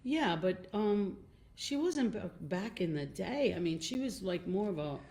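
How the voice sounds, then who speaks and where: A woman's voice: medium pitch, animated, unhurried, darkish tone. A woman singer guesting on a comedy podcast, chatting in a bubbly, gushing way and giggling often. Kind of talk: casual chat. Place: basement studio.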